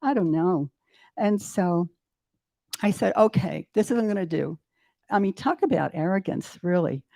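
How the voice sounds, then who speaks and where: A woman in her eighties, a guest in an interview, telling her story in a casual, animated way and acting out her own doubting thoughts with self-mocking humor. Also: medium pitch, moderate pace, gravelly. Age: 80s. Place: retreat center in Mexico.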